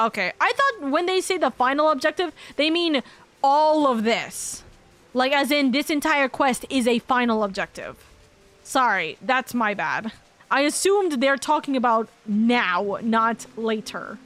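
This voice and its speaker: A woman's voice: high voice, fairly bright tone. A woman game streamer in casual chat, rambling dramatically and repeating herself, with faint game music behind her.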